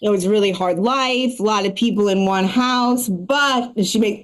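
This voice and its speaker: A woman performing a stand-up comedy set and hosting a live show, talking in a quick, chatty way full of asides. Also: mid-range voice.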